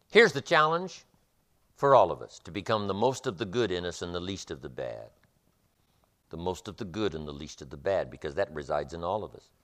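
A man's voice: low-pitched, a bit bright. A man giving a motivational lecture with an emphatic, repetitive, preacher-like cadence. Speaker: motivational speaker.

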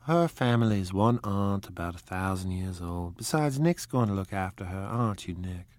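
A man's voice: sits low, animated, moderate pace, darkish tone, no room sound. A man voicing a charming, flighty young society woman in a storybook reading, with a breathless, gushing manner.

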